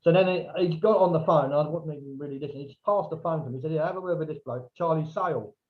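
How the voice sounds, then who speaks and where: A man, his voice sitting a touch higher than most, spins a rambling story and jumps up in pitch whenever he quotes someone. The sound is dull and lo-fi, like a remote call. It feels like a relaxed podcast chat. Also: fast. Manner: animated, quotes others in lively raised voices. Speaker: podcast guest, author. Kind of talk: casual anecdote storytelling.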